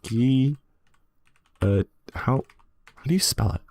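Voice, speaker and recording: A man's voice: medium pitch, takes it slowly, darkish tone. A man with a British accent chatting casually and rambling while he streams a speedrun, laughing often. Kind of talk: casual chat while gaming.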